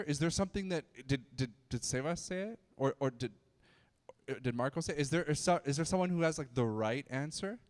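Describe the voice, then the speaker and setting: A man preaching to a youth group in a loose, joking way, often stumbling and restarting his sentences. His voice sits a bit higher than usual for a man. The sound carries a long reverb, as in a big church hall. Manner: chatty, joking, frequent restarts and stammers. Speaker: youth pastor. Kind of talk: casual youth sermon.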